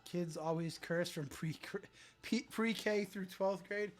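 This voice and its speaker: A man's voice: slow, faint music behind. A man hosting a casual livestream, reading viewer comments aloud and reacting dryly. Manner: low-key, dry, reads comments aloud and reacts. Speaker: livestream host.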